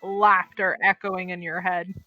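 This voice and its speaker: A woman narrating as the game master of a tabletop game, with lively, descriptive storytelling. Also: on the low side, a little slow, highs cut off, faint music behind.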